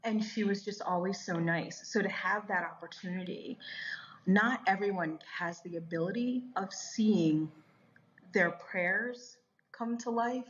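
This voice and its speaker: Fifty-something woman telling a lively story. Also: medium pitch, unhurried, lo-fi sound. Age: 50s. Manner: animated, laughs often, acts out quoted voices. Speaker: guest. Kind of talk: personal storytelling on a faith podcast.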